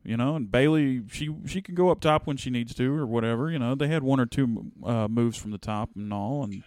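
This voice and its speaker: This middle-aged man co-hosts a laid-back wrestling podcast, speaking at a brisk pace in a medium-pitched, somewhat dark voice with no echo. He rambles, filling his talk with plenty of "you know"s.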